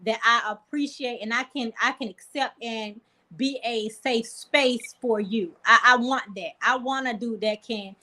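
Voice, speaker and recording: A woman's voice: fairly high pitch, a bit bright. A woman on a discussion panel, speaking earnestly and reflectively.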